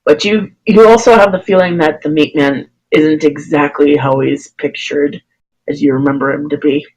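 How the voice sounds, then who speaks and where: A dungeon master narrating a casual tabletop game among friends. The voice is friendly and quick to giggle, moving between story narration and sorting out dice rolls. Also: medium pitch, fairly even intonation, slightly rough, low-quality recording.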